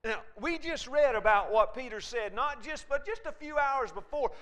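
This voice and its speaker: A man's voice: very high voice, normal speed, hardly any pauses, bright, forceful tone. A man preaching a sermon in a conversational way, retelling a scripture story with animation and often checking in with his listeners.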